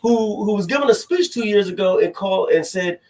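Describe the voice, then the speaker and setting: A man's voice: high-pitched, expressive, brisk, a little mellow. A young man co-hosting a podcast, ranting animatedly through heated political banter and cutting in with "hold on". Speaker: podcast co-host.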